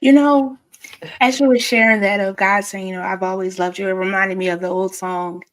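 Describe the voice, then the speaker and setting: A woman's voice: medium pitch, steady tone, brisk. A woman hosting a talk show who responds to her guest in an encouraging, affirming way. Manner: warm, encouraging, sings a snatch of a hymn. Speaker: host.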